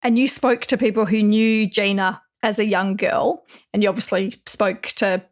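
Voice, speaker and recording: An Australian woman hosting a podcast, narrating and asking interview questions in a clear, conversational way. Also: medium pitch, steady tone, moderate pace. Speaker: podcast host.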